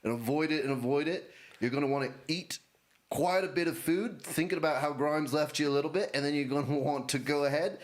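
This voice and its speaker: A man's voice: on the high side, brisk, lightly acted. A man doing a brash billionaire with a put-on Australian accent. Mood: smug. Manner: brash, joking, laughs mid-line. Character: smug billionaire tech mogul, cocky. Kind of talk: improv comedy impression.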